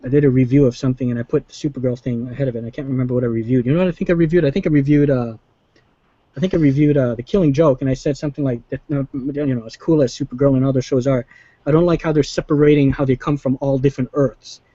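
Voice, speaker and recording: A man's voice: mid-range voice, steady tone, racing, mellow, no echo. A man chatting casually as host, rambling and acting out quotes in raised voices. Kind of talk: casual chat. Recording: dull lo-fi call audio.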